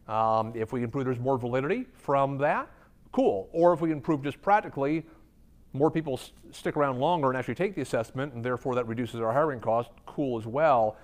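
A man's voice: mid-range voice, lively intonation, fairly quick. Candid man answering audience questions. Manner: candid, conversational, frequent ums. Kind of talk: conference Q&A talk. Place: company event room.

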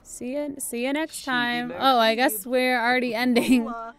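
A woman's voice: a little high, level tone, moderate pace, crowd noise. A young adult woman casually commentating a life-sim game, chatty and playful, often laughing. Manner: chatty, giggly, playful self-narration. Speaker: gaming YouTuber. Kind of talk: casual let's-play commentary.

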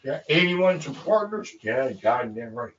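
A man on a livestream, chatting in a rambling, profane, emotional way, swinging between shouts and mutters. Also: mid-range voice, big pitch swings, measured pace, far from the mic, muffled recording, very noisy.

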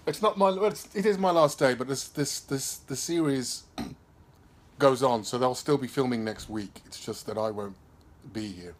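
Tired man from Birmingham, actor, relaxed live-stream chat through a handheld phone, throat-clearing, trailing ums. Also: medium pitch, measured pace. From Birmingham, England. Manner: laid-back, keeps clearing his throat, trails off with ums. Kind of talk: casual live-stream chat, reading viewer comments. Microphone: phone held in hand.

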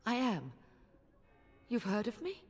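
An actress playing a quiet, grieving widowed mother in a video game. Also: fairly high pitch, wildly swooping pitch, slow, soft background music, full character voice. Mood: sorrowful. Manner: quiet, sorrowful.

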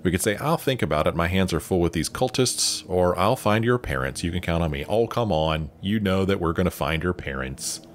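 A man's voice: low-pitched, expressive, a little fast, few pauses, slight background noise. A man hosting a let's play, chatting casually and reading dialogue options aloud. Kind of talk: casual game commentary. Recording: faint game music behind.

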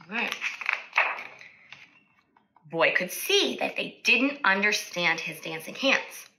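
A woman speech-language therapist reading a picture book aloud to children, animated and stopping to ask questions. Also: mid-range voice, slow pace, poor audio.

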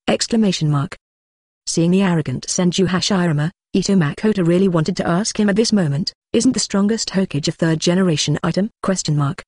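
A text-to-speech audiobook narrator with an even, mechanical delivery who reads punctuation marks such as "question mark" aloud. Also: medium pitch, a little fast, no room sound, studio quality.

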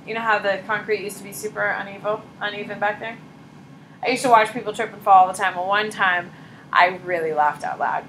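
Chatty teacher woman, bright voice. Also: mid-range voice, fairly even intonation, brisk, slight background noise, rough recording. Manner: chatty, storytelling, full of "like" and asides. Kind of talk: casual classroom lecture. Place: classroom.

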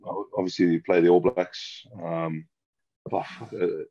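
Brief: deep, husky Aussie bloke, easygoing rambler, dull dry lo-fi call sound. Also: male voice, level tone, a little slow, warm tone, no room sound. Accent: Australian. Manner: laid-back, rambling, says "mate" constantly. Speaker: guest rugby player. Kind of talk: casual podcast chat. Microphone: remote call.

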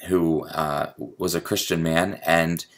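A man's voice: very deep voice, level tone, takes it slowly, fairly bright tone. A man teaching a creative writing lecture, explaining sound and meter and tapping out stress patterns aloud. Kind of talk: recorded video lecture.

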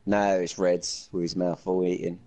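A man's voice: deep voice, level tone, normal speed, dark tone, muffled recording. A man livestreaming a video game, chatting in a friendly way with friends and viewers over a headset. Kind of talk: casual gaming chat.

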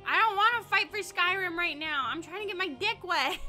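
Giggly high-voiced woman streamer. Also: moderate pace, pushed and bright, faint music behind. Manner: giggly, crude, rambling. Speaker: VTuber game streamer. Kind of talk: casual livestream chat with reading aloud.

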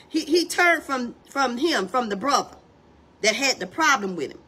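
A woman's voice: high voice, moderate pace, bright, forceful tone. A woman preaching a morning devotional in a fiery, colloquial style, acting out the people in the story. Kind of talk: sermon.

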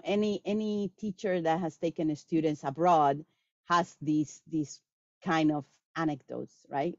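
A woman answers audience questions about teaching languages, her voice sitting a little low. She talks in an animated way and slips into quoted lines from students. The sound is dry and a bit dull, like a lo-fi recording. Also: no echo. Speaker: guest speaker on language teaching. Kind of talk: lecture Q&A answer.

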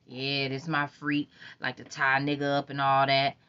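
A woman's voice: extremely low pitch, completely flat delivery, normal speed, pushed and bright, clear, resonant tone. Woman doing a crude cocky young man. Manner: crude, teasing, suspicious. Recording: dull lo-fi recording.

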